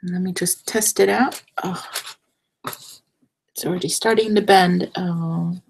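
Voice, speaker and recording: A young woman talks her way through a craft project on a livestream, unhurried and drawn out. Her voice has a gravelly, fried edge, and she chats in a self-deprecating way, her sentences trailing off while her hands are busy. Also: lowish voice, fairly even intonation, slight background noise, poor audio. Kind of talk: casual crafting demo.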